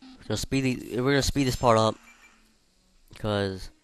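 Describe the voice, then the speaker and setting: A man playing a video game and chatting about it in casual commentary, swearing freely and reacting loudly. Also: medium pitch, moderate pace, clean tone. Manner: reads game dialogue aloud in between remarks. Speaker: let's player.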